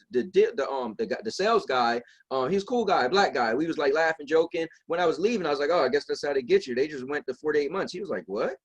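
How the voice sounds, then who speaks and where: A man's voice: a little high, fast talker, hardly any pauses, husky. A man co-hosting a podcast, telling a long story in casual chat and acting out the people he quotes. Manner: animated, acts out quoted voices. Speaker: podcast co-host.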